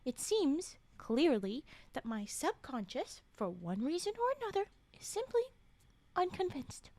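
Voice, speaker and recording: A woman's voice: high-pitched, big pitch swings, unhurried, a little mellow, no room sound, heavily acted. Woman reading as an apologetic woman director. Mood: earnest. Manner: hesitant, apologetic. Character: flustered earnest woman director, self-reproaching.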